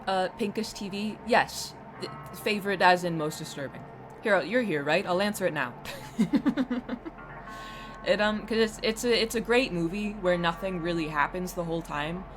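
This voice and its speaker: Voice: medium pitch, moderate pace. Rambling streamer over game music. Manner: rambling, self-deprecating, often trailing off and restarting. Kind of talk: casual chat while playing a game.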